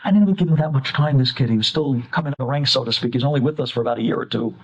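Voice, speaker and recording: A man, a rabbi, telling a story to an audience in an animated way and acting out the characters as he goes. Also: medium pitch, racing, husky, lo-fi sound.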